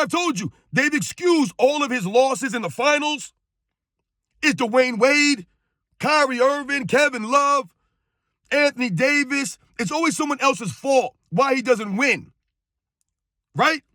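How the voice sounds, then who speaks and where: A sports commentator with an extremely high, sharp voice delivers an emphatic, scornful rant, driving his points home through repetition. The recording is clean studio sound with no room sound.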